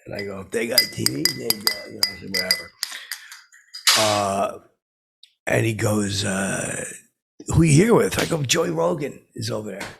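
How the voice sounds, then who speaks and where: A man playing a belligerent, boastful washed-up guy in an in-character comedy podcast, rambling and halting with many fillers and restarts. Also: fairly low pitch, gravelly, background noise.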